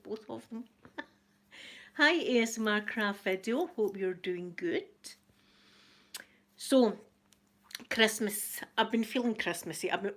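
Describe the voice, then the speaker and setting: A woman's voice: mid-range voice, fairly bright tone. A middle-aged Scottish woman hosting a casual live-stream chat, greeting viewers by name and laughing often. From Scotland. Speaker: YouTube channel host.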